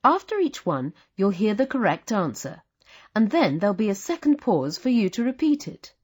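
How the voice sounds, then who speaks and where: Woman reading language lesson instructions, patient and encouraging, a bit husky. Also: medium pitch, very animated, normal speed, darkish tone. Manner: patient, encouraging teacher's delivery. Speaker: course narrator. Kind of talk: scripted instructional narration.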